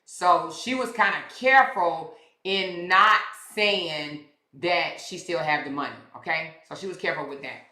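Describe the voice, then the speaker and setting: A woman's voice: fairly low pitch, a little slow, bright, forceful tone, reverberant. A woman hosting a casual livestream, talking bluntly and with plenty of profanity straight to her viewers. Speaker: livestream commentary host.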